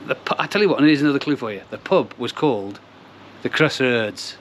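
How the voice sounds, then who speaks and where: Speaking briskly with lively intonation, this koi pond channel host is a middle-aged man filming a casual vlog outside. He rambles, drifts off topic, and cracks jokes at his own expense. His voice sits in the mid range, and a faint hiss or hum runs underneath.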